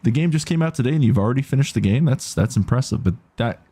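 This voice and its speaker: A man's voice: mid-range voice, animated, quick pace, dark tone, breathy edge. A man streaming a game live, chatting casually and reading out viewer messages. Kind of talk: casual gaming commentary.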